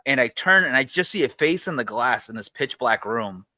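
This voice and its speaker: A man with a bright, tense voice, chatting casually as a podcast host. He tells a story in a relaxed way. The sound is dry and close. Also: mid-range voice, moderate pace, dry recording. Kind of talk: casual chat.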